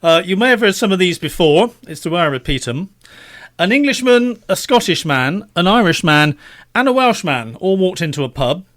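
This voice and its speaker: A man's voice: high voice, big pitch swings, normal speed, fairly bright tone. An older man doing a stand-up routine, self-deprecating and laughing at his own jokes. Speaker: stand-up comedian. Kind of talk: stand-up joke telling.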